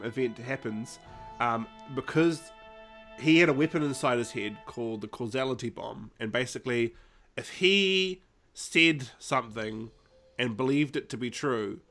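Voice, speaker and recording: A man's voice: mid-range voice, fairly bright tone. A man co-hosting a fan podcast, chatting eagerly, laughing often and acting out quoted lines. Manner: enthusiastic, laughing, acts out quotes. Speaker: podcast co-host. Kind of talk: casual chat.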